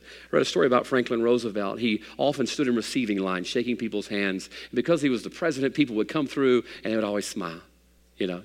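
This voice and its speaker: A male pastor preaching a sermon, swinging between loud, emphatic passages and hushed, soft ones. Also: mid-range voice. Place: church sanctuary. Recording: long hall reverb.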